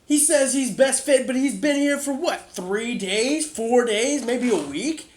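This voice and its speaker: A man voicing a defiant townsman, a former guild fighter, in a high, loud, indignant whine. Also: lively intonation, measured pace. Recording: echoey room sound.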